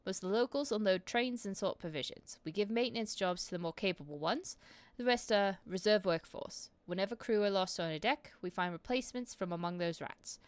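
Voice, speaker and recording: A woman's voice: mid-range voice, fairly quick, clear, resonant tone, no room sound, close to an everyday voice. A woman voicing a stern male enforcer captain, officious and scornful, reading game dialogue aloud in stiff formal speech.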